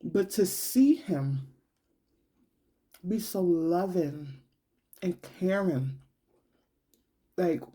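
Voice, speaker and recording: A young adult woman talks slowly and from the heart in a personal monologue. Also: on the low side, dark tone, breathy edge. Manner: slow, heartfelt, colloquial and conversational. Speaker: vlogger.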